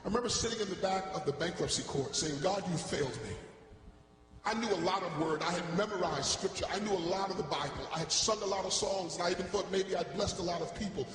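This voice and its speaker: Earnest, high-voiced man preaching in a church. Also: fast talker, few pauses. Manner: earnest storytelling, emotional. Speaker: gospel singer giving testimony. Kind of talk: testimony sermon. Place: church, live before a congregation. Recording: echoey church hall, noise behind.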